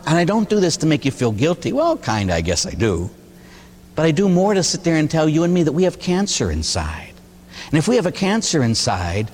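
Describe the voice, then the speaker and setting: A man, a Catholic priest, preaching a sermon in a conversational, animated way, with rhetorical questions and a touch of humor. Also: mid-range voice, big-room sound, a little hiss or hum.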